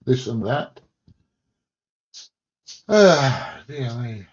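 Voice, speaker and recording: A man's voice: medium pitch, a little slow, long pauses, darkish tone. Blunt English man, dull lo-fi stream. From England. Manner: blunt, joking, mildly sweary. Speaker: livestream host. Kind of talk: casual chat reading viewer comments. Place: at home.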